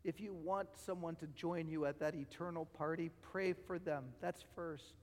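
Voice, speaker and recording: A male pastor preaching a sermon, using repetition and swinging between loud and quiet phrases, his voice going hoarse. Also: on the high side, fairly even intonation, normal speed, big-room sound. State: losing his voice. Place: church sanctuary.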